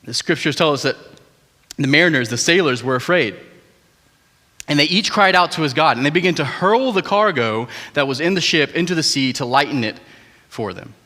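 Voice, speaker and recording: A young man preaching a sermon as pastor, telling family stories in a conversational, animated way with asides to the congregation. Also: on the high side, moderate pace. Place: large church auditorium. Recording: hall reverb.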